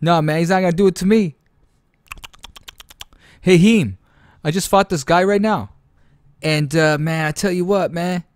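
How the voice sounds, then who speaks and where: A man voicing a young male gamer who whines and complains in a high, strained voice. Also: unhurried, long pauses, no echo, clean studio sound. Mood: boastful. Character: excitable young man gamer, whiny sore loser.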